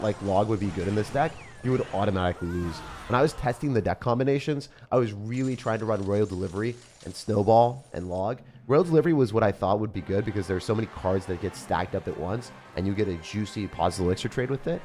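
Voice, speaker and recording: A man streaming a mobile strategy game live, commentating his matches in an excitable, chatty way and talking to his viewers. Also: fairly low pitch, fast, hardly any pauses, a little hiss or hum. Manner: animated, excitable, talks to chat. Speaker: gaming streamer. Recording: faint music behind.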